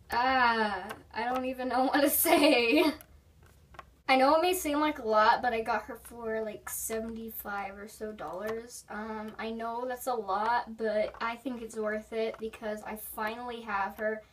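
A young woman with a high, bright voice gushes her way through a casual unboxing vlog, giggling and rambling with plenty of "like"s. She sits a little away from the camera mic, and a faint hiss runs underneath. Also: far from the mic. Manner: gushing, giggly, rambling with many "like"s. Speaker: toy unboxing vlogger.

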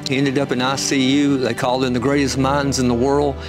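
A man telling an emotional personal testimony, growing animated as the story builds. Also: brisk, music in the background. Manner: storytelling, gets animated and higher when excited. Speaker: guest telling his testimony.

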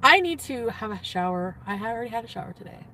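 A woman's voice: a little high, animated, quick pace, sharp tone, far from the mic, a little hiss or hum. A woman talks casually on a phone livestream from inside a parked car. She is giddy and gushing, and she keeps answering her chat between sighs and laughs.

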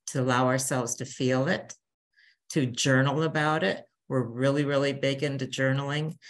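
An older woman, a bereavement counselor, giving a chatty talk to a church grief group and acting out little quotes. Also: rumbling low. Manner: warm, chatty teacher, acts out quotes.

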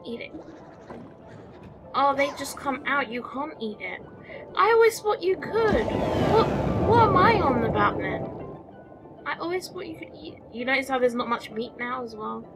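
A woman's voice: high-pitched, expressive, moderate pace. Chatty woman narrating gameplay. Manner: chatty, talks to the game creatures, exclaims and mutters. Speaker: gameplay commentator. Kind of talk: casual let's-play commentary. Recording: music playing behind the voice.

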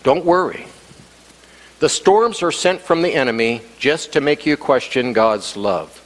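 A man preaching a sermon as pastor, animated and acting out the quoted voices. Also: a little high, a little slow. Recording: long hall reverb.

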